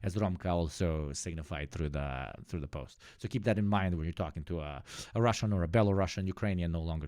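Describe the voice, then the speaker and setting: A man's voice: deep voice, a little mellow, no room sound, clean studio sound. A man hosting a live stream, commenting on politics in a sarcastic, profane and emphatic way. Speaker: streamer host.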